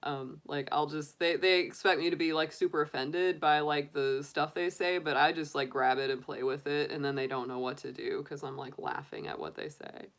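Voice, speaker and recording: A woman's voice: deep voice, fairly even intonation, moderate pace, hardly any pauses. A woman tarot reader chatting casually and giggling with her livestream viewers. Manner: giggly, chatty, laughs often. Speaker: tarot reader, channel host.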